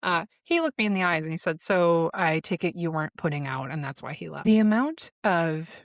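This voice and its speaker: A woman in her forties talks candidly on her own podcast, blunt and unafraid to swear. She laughs often as she talks. Her voice sits a little low, and the close mic gives a dry sound with no room around it. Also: vocal fry, dry recording. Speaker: podcast host. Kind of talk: candid solo podcast monologue.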